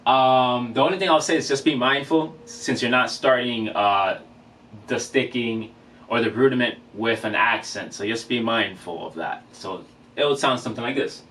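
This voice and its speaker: In a laid-back drum vlog, a man with a mid-range, slightly bright voice walks through rudiments at a moderate pace and counts off beats between exercises. The camera microphone catches him from across the room, along with faint room noise.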